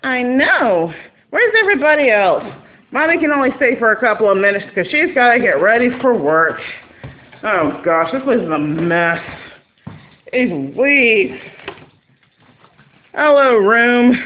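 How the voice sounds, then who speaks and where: A woman's voice: fairly high pitch, big pitch swings, unhurried. A woman vlogging casually at home on her phone, chatting to her pets between remarks. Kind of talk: casual travel vlog. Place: at home, indoors. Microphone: phone held by hand. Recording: dull lo-fi phone audio, faint noise.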